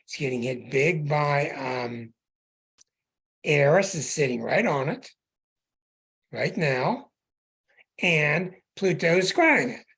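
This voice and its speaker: A man's voice: fairly high pitch, expressive, takes it slowly, long pauses, fairly bright tone, husky. A man hosting an astrology show, reading a caller's chart in an emphatic, plain-spoken way and repeating his points. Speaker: astrologer host.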